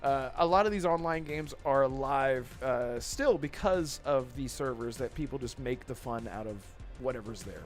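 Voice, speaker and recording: A man's voice: mid-range voice, normal speed, few pauses. A man hosting a casual gaming podcast, talking in rambling stretches and thanking viewers in chat. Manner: rambling, with restarts and chat shout-outs. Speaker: podcast host. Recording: faint music behind.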